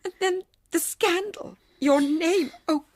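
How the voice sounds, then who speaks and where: A woman's voice: extremely high pitch, slow pace, a little hiss or hum. Anxious, proper mother. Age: middle-aged. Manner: anxious, reproving, pleading. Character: anxious proper middle-aged mother, respectable. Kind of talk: radio drama acting.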